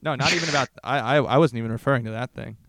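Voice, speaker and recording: A man's voice: medium pitch, racing, a bit bright, no echo. An American man co-hosting a casual comedy podcast, joking with a friend and stumbling over his words. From United States. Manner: joking, stammering restarts. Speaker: podcast co-host.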